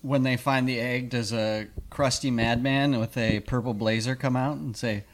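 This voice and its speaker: Brief: male podcast co-host, lively, mid-pitched storyteller. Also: moderate pace. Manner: animated storyteller, swears for comic effect. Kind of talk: casual chat.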